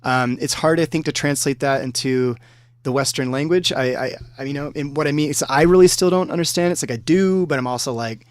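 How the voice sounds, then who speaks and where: A man's voice: fairly high pitch, a little fast, clear, resonant tone, no echo. A man who is a musician, talking as a podcast guest in casual chat, explaining things at length with rambling enthusiasm.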